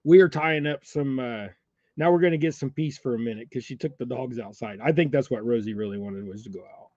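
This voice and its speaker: A man's voice: medium pitch, fairly quick, a little mellow, dry recording, lo-fi sound. A man hosting a fishing channel, chatting casually on a livestream while tying jigs. He rambles in a folksy way and chuckles often.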